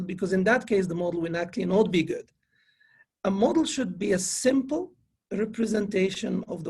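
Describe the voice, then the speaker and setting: A male finance professor lectures earnestly to an online conference audience. His voice sits fairly high and carries a gravelly, husky grain. He often restarts his phrases mid-thought. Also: darkish tone. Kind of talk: conference presentation.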